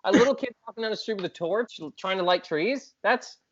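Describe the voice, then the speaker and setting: Guy on a podcast, animated, self-mocking, high voice, dull muffled audio. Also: a little fast. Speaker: podcast guest. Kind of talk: casual chat, storytelling.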